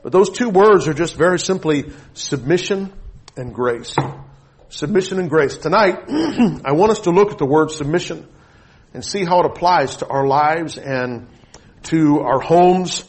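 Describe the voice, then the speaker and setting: A middle-aged man preaching a sermon, telling a personal story with rising excitement and reading scripture aloud. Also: a little high, measured pace, slightly rough. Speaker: pastor.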